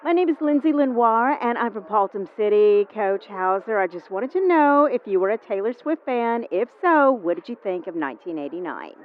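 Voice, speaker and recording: A woman's voice: mid-range voice, lively intonation, moderate pace, few pauses, lightly acted. A woman playing a polite local fan asking an earnest question. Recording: phone-like lo-fi audio.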